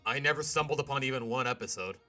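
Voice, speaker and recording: A man's voice: mid-range voice, fast talker, soft background music. A man hosting a live stream, chatting casually and rambling, often cutting himself off mid-sentence. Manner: animated, rambling, self-interrupting. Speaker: streamer host.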